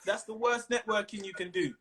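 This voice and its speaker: A man's voice: high-pitched, fairly even intonation, brisk, noisy background. A young man from England, a stand-up comedian chatting casually in an interview and acting out voices with slangy banter.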